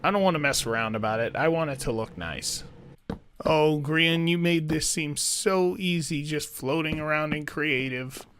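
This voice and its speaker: A man's voice: fairly high pitch, normal speed, a bit bright, a little hiss or hum. A man giving let's play commentary as he builds, thinking aloud and talking to himself as he goes. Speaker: gaming YouTuber.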